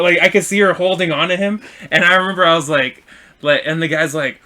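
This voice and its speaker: A man co-hosting a podcast, telling a story in casual, profane chat and acting out the insults he shouted. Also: high voice, brisk. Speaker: podcast co-host.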